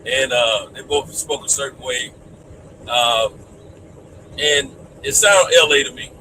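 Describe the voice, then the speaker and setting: A man's voice: medium pitch, slow pace, sharp tone. A man chatting casually, rambling through a story with many fillers. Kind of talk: casual live chat. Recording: distant mic with street noise.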